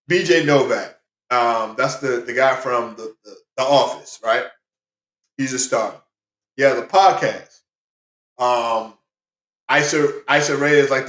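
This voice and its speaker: A man giving a casual, rambling movie review, excitable and full of fillers and restarts. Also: a little high, echoey room.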